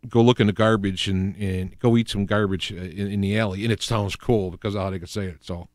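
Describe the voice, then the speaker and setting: A man's voice: lowish voice, steady tone, fairly quick, a little mellow, no echo, studio quality. A man from the US Midwest with a Midwestern accent, hosting a casual solo radio talk show and rambling through examples with many restarts and fillers. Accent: Midwestern American.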